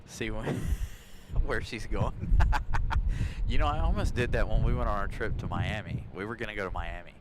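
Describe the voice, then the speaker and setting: Outdoors near an airport on a windy day, a man hosts a casual live stream on his phone, chatting and laughing with viewers. His voice is on the low side at a moderate pace, and loud wind and vehicle noise fill the recording.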